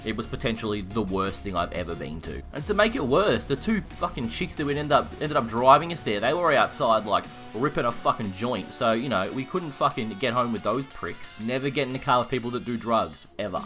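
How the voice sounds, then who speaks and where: A man's voice: mid-range voice, fairly quick, soft background music. Rowdy young Australian guy telling stories. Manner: rowdy, profane, animated storytelling. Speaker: YouTuber. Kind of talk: casual storytelling while gaming.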